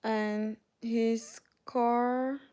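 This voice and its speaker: A woman from Canada hosts a casual livestream. She chats with her viewers and reads their messages aloud. Her voice sits a little high and she talks at an unhurried pace. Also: flat delivery, warm tone, clear, resonant tone. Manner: chatty, reads out chat messages and greets viewers by name. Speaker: livestream host. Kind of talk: casual live-stream chat with viewers.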